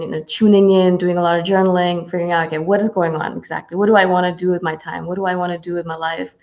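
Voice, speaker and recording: A woman hosting a spiritual channel, chatting casually and warmly with viewers on a livestream, full of fillers and excited asides. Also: medium pitch. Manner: bubbly, greets viewers, many fillers. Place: home, from Houston. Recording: slightly dull lo-fi livestream audio.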